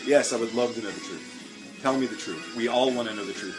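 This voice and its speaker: A man's voice: mid-range voice, fairly quick, loud music behind the voice. A man hosting a comedy sketch show, rambling and joking in a mock-pompous manner.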